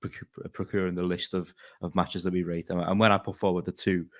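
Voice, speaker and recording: Deep-voiced man, hesitant chatty co-host. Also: little pitch movement, a little fast. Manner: hesitant, many restarts and fillers. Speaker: podcast co-host. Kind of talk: casual wrestling podcast chat.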